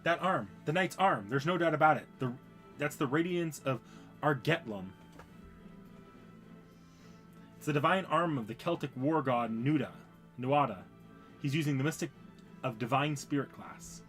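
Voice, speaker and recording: A man reading the lines of an earnest, loyal young knight from a game in a calm, formal way. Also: on the high side, normal speed, faint music behind, natural voice. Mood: urgent.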